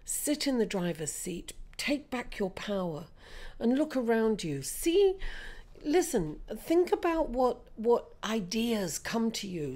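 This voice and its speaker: A woman with a raspy voice, hoarse from being ill, giving a chatty tarot reading and calling her listeners darling. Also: mid-range voice, darkish tone. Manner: chatty, calls listeners darling and guys, many fillers. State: hoarse from illness. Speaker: tarot reader. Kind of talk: casual tarot reading monologue.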